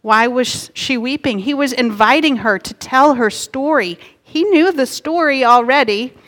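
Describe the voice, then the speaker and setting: A middle-aged woman pastor preaching a sermon in an earnest, gently emphatic way. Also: fairly high pitch. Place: church sanctuary. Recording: long hall reverb.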